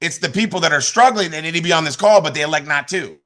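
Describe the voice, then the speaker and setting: Guy hyping up his team on a zoom call, high bright voice, keeps saying right?. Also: fast talker. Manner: energetic, repetitive, pep-talk delivery with many "right?" tags. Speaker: team leader giving a training talk. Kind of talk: motivational training talk on a video call. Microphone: video call.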